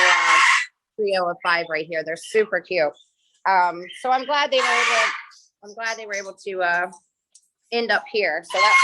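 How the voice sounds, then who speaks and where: Chatty woman over loud bird squawks. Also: mid-range voice, very noisy. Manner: chatty, many filler ums, sweet baby talk to birds. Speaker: parrot rescue facility director. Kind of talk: walkthrough tour on a video call. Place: indoor bird rescue room. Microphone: phone or laptop on a video call. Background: loud squawking and chirping birds.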